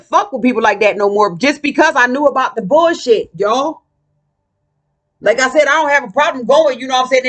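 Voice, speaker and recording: A woman vlogger with a high-sitting, bright, tense voice rants in a casual monologue, talking bluntly and combatively with plenty of profanity.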